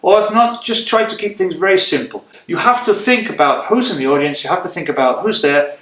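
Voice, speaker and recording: Fast-talking man teaching in an echoey room. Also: high voice, lively intonation, a bit bright. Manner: brisk, checks in with "okay?". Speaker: presentation skills teacher. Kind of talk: lecture to camera. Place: room with a writing board. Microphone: handheld microphone.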